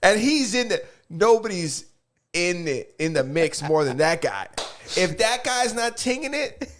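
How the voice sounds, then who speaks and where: A man's voice: high-pitched, sing-song, a little slow, fairly bright tone, a little hiss or hum. A young man, co-hosting a podcast in casual, joking banter and swearing freely. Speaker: podcast co-host. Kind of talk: casual chat.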